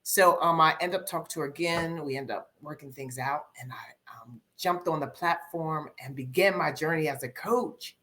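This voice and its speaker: Brief: middle-aged woman, deep-pitched, candid and reflective, podcast guest recounting hard times. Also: normal speed, few pauses, bright, forceful tone. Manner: candid, reflective, with many ums and repeated phrases. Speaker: guest life coach. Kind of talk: podcast interview storytelling.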